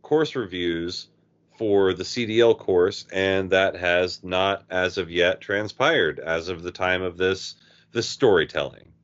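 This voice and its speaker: A man in casual podcast chat who talks slowly and restarts his sentences. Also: sits low, fairly bright tone, lo-fi sound. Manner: slow, halting, repeats words. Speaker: podcast co-host.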